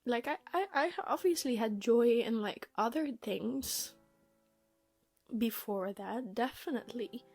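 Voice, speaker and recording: A young woman talks into her microphone in a casual personal vlog, her speech halting and emotional, full of fillers. Her voice sits a little high and has a gravelly fry, and she speaks slowly. Soft music plays faintly behind her. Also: animated, no room sound. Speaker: vlogger.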